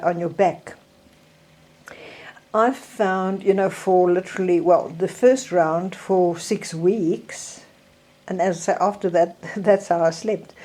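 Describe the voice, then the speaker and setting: A woman's voice: on the low side, warm tone. An older South African woman with a South African accent, showing and explaining her hip surgery recovery tips in a casual, chatty way. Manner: slow, chatty, demonstrating objects. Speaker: vlogger sharing recovery tips. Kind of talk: casual show-and-tell.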